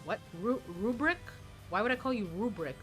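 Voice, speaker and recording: A woman's voice: on the high side, animated, moderate pace, soft background music. A woman streamer chatting casually and playfully with her viewers. She sounds a little tired and often repeats words as she restarts.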